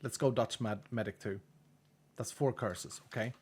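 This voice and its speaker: Slight background noise sits under a man's fairly low, a little mellow voice at normal speed. He's streaming a game and chatting easily with his viewers, laughing often and reading their messages aloud in non-native-accented English.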